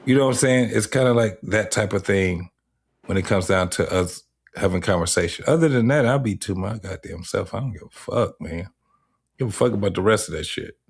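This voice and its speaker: Middle-aged guy hosting, low voice, cussing and blunt. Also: a little fast, vocal fry, slightly rough. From Detroit, USA. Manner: profane, emphatic, blunt. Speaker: host. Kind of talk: casual podcast chat.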